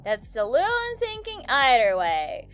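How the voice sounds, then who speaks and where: A woman's voice: high-pitched, wildly swooping pitch, takes it slowly, fairly bright tone, soft background music, voice pushed down, full character voice. A woman voicing a cowboy vampire man, reading game lines in an exaggerated Western drawl. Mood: swaggering.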